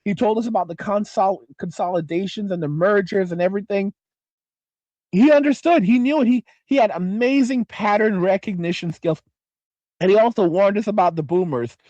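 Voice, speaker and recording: A man hosting a livestream and reading chat, talking casually in a profane, excitable, rambling way. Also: high-pitched, brisk, dry recording, highs cut off. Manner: profane, excitable, trails off and restarts.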